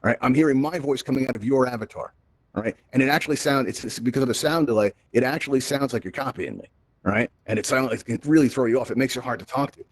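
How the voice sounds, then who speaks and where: A man talks quickly and keeps the energy up, tagging "right?" and "all right?" onto his points as he presents to a crowd. His voice sits at a middle pitch and sounds dry and close, with no room around it, picked up by a headset mic. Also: dry recording. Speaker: event presenter. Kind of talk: presentation to a live VR audience. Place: virtual reality social space.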